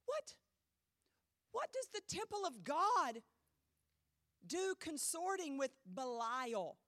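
A woman pastor preaching a sermon in a church, emphatic with dramatic pauses, her voice a little strained. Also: high-pitched, big pitch swings, a bit bright, no echo, studio quality. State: voice trouble, slightly strained.

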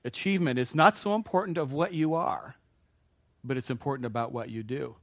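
A man's voice: mid-range voice, fairly quick, fairly bright tone, dry recording, clean studio sound. A man preaching a conversational sermon as pastor, folksy and anecdotal, often restarting his sentences.

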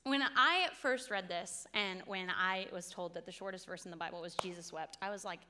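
A woman's voice: lowish voice, normal speed, few pauses, sharp tone, smooth, in a large hall. A woman in her twenties giving a sermon, telling a personal story in an earnest, confessional way. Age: 20s. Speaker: speaker at a faith talk.

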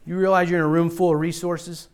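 A young man preaching a sermon as pastor, earnest and direct, often dropping to a quiet hush to drive a point home. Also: level tone, fast, clean tone. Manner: earnest, drops to a low hush for emphasis.

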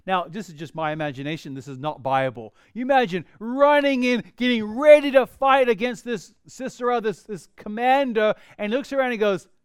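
High, smooth-voiced preacher man. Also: brisk, hardly any pauses, no echo, clean studio sound. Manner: animated storytelling with humorous asides. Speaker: pastor. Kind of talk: sermon.

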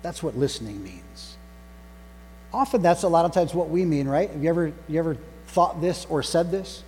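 Male pastor, mellow tone, deliberate emphatic sermon delivery, long room reverb, faint hum behind. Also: fairly high pitch, animated. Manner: deliberate, emphatic on single words.

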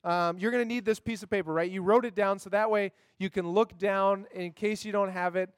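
A man's voice: high-pitched, fairly even intonation, fairly quick, clean tone, dry recording, clean studio sound. A man leading a group memory activity, upbeat and coaxing, checking in with the group often. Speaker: youth class leader.

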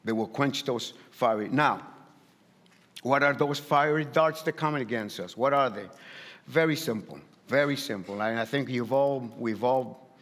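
A man's voice: medium pitch, unhurried, fairly bright tone, big-room sound. A man preaching a sermon in a light accent, emphatic and repetitive, often restarting his phrases. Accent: non-native English. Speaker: pastor.

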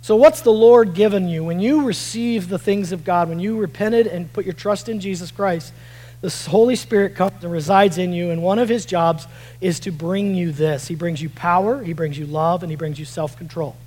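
A man with a high voice preaches a sermon. He swings between loud, shouted emphasis and quiet, low passages as he reads verses aloud. He often stumbles over repeated words and restarts his phrases. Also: moderate pace, low-quality recording. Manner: repeats words and restarts while reading scripture. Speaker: pastor.

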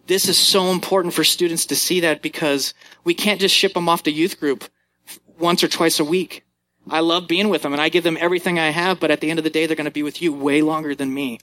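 A young man, a youth pastor, preaching a sermon and telling family stories in an animated way. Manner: animated storytelling, acting out moments with big pitch jumps.

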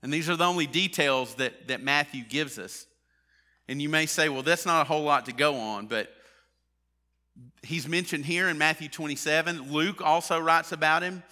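A man's voice: fairly high pitch, normal speed, sharp tone. A man preaching a sermon in a conversational way, with many fillers and restarts. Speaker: pastor.

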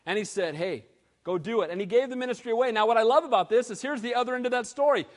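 Animated preaching man, high voice. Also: rapid-fire. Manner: animated preaching, swinging from loud to hushed. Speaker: pastor. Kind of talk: sermon. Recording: long hall reverb.

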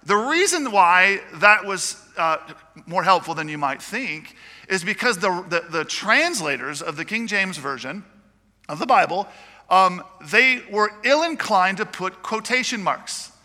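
Male pastor, high and very bright tone, chatty joking sermon, long church reverb. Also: expressive, measured pace. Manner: chatty, with joking asides to the congregation. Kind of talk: conversational sermon.

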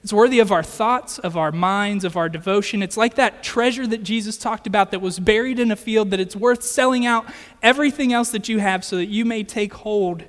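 A man's voice: high voice, fairly bright tone, long reverb tail. A man preaching a sermon in an earnest, conversational way, often checking in with his listeners. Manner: earnest, conversational with rhetorical "right?".

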